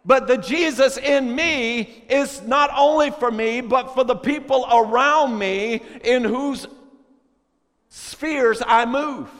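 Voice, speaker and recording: High-voiced preacher in an echoing hall. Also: male voice. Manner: emphatic preacher who builds to shouted, drawn-out phrases; conversational asides to the congregation. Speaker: pastor. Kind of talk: sermon. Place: church sanctuary. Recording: long reverb of a large hall.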